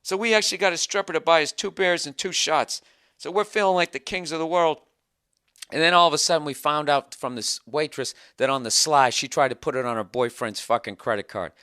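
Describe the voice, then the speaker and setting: A man's voice: a little high, a little fast, bright, forceful tone, clear, resonant tone. Gleeful, profane male storyteller. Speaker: stand-up comedian.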